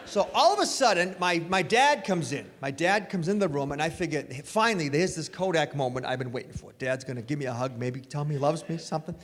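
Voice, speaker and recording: A man doing stand-up comedy on stage, animated and acting out voices. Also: on the high side, a little fast, hardly any pauses. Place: stage in a hall. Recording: live stage hall reverb.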